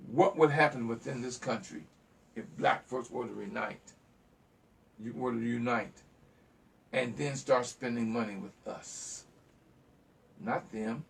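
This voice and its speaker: A man's voice: medium pitch, gravelly, far from the mic. A man hosting a call-in talk show, preaching fiercely to listeners, repeating himself and stumbling over words as he gets worked up. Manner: fiery, preachy, repeats phrases and stutters when worked up. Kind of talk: impassioned call-in talk monologue.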